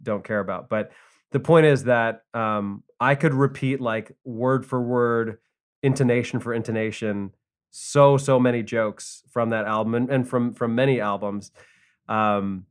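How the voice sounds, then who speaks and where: A man's voice: medium pitch, steady tone, unhurried, smooth. A man, a guest stand-up comedian, talking casually on a podcast with many fillers and restarts.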